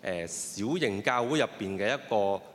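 A man interpreting a sermon phrase by phrase, often pausing with fillers and restarting his sentences. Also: fairly low pitch, animated, fairly bright tone. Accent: Cantonese. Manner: hesitant, with frequent fillers and restarts. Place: church hall. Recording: long reverb of a hall.

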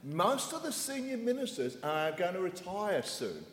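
A man preaching a sermon in a church hall in short phrases, pausing so an interpreter can follow. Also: sits high, big pitch swings. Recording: echoey hall with long reverb.

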